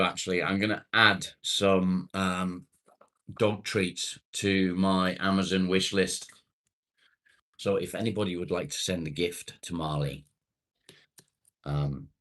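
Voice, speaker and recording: Very deep-voiced, unhurried middle-aged man. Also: flat delivery, fairly bright tone. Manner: laid-back, swears freely. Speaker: live streamer reading viewer comments. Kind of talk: casual live-stream chat.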